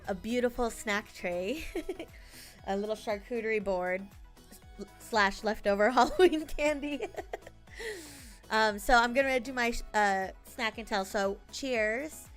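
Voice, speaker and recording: A woman's voice: mid-range voice, measured pace, faint music behind. A woman streamer chatting casually with her live chat, laughing often and thanking viewers by name.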